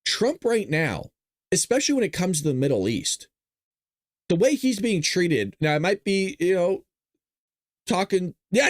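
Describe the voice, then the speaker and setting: Animated joking man hosting commentary. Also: measured pace, pauses often, no echo, clean studio sound. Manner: animated, jokey, often laughing, breaks into high silly voices. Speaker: political commentary host. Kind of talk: casual political commentary vlog.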